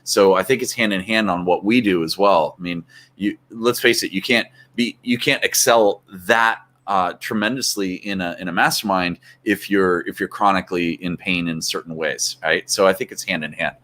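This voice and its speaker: A man guesting on a casual show, talking in halting bursts with many repeated words and frequent laughs. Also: sits low, pushed and bright. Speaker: guest, mastermind group leader. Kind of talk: casual chat.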